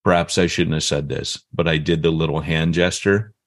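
Deep-voiced fifty-year-old man telling a story. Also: normal speed, no room sound, studio quality. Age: 50s. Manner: animated, acts out the voices in his story. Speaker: podcast co-host. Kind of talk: casual storytelling.

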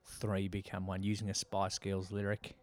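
Sitting low and monotone at a normal speed, a man's voice offers casual movie commentary as he watches a film with a friend. His remarks come as wry, joking asides.

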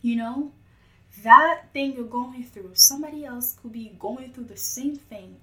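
A woman's voice: fairly high pitch, unhurried, bright, forceful tone. A woman in casual conversation, telling a personal story with lots of filler words. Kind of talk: casual chat. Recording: echoey room with faint music.

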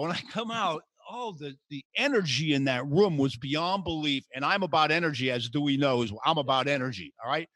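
Animated man telling stories, dry sound. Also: a little high, fairly quick, few pauses, no echo. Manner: animated, acts out quotes in raised voices. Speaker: podcast host. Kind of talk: casual storytelling chat.

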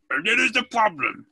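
Dude hamming up a goofy president voice, loud, slow, sharp and bright. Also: male voice, high-pitched, gravelly, slightly rough, no room sound, voice pushed up, exaggerated voice.

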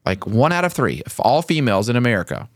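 A man's voice: mid-range voice, very animated, fast talker, dry recording. Casual earnest man in his forties hosting a podcast, dry close mic. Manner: earnest, conversational, laughs often. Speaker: podcast host.

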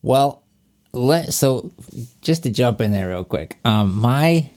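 A man's voice: mid-range voice, expressive, slow, darkish tone. A man talking casually and frankly as a podcast co-host, rambling with many restarts and blunt, profane asides. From Virginia. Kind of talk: casual chat.

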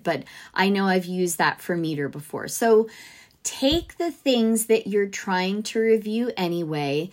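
Woman host, mid-pitched, chatty and upbeat, podcast advice for teachers. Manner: chatty, upbeat, lots of asides.

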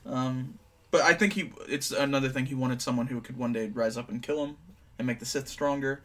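A young man in casual chat, recapping scenes with quick offhand quips. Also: medium pitch, fairly even intonation. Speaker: co-host.

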